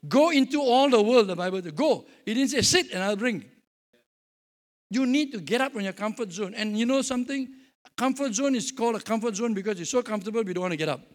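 A man's voice: high voice, animated, fast. A man preaching a sermon as pastor, jovial and telling stories with acted-out dialogue.

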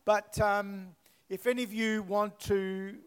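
A man's voice: high voice, fairly even intonation, slow pace, smooth. Rambling man at church. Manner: chatty, rambling with fillers and restarts. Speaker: church speaker. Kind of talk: prayer and testimony storytelling.

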